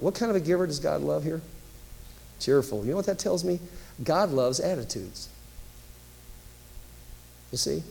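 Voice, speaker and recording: Gravelly-voiced male pastor preaching. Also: fairly high pitch, a little mellow, rough recording. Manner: conversational storytelling with emphatic rises. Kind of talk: sermon.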